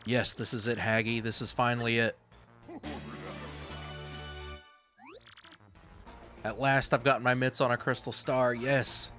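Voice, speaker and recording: A man's voice: medium pitch, flat delivery, brisk, pushed and bright, natural voice. Bowser, a man voicing him. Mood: gloating. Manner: boastful, gruff, easily outraged. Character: blustering male turtle king villain.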